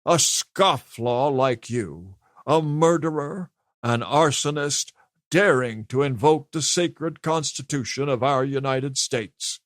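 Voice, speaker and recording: A man's voice: medium pitch, takes it slowly, dry recording, studio quality, pitched above the performer's own voice, close to an everyday voice. A man doing a pompous blustering old governor. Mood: pompous indignant. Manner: weighty, emphatic, indignant. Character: pompous blustering male state governor, older.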